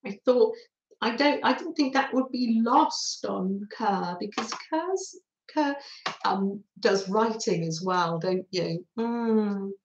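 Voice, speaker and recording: A woman hosting a live craft stream, chatting warmly with viewers and giggling often. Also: mid-range voice, takes it slowly, echoey room, lo-fi sound. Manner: chatty, giggly, talks through snacking. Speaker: livestream host reading viewer comments.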